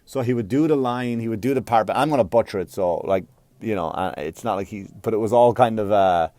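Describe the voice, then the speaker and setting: An Irish man doing a stand-up comedy monologue, swearing and animated in his delivery. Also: lowish voice, a little fast, no echo. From Ireland.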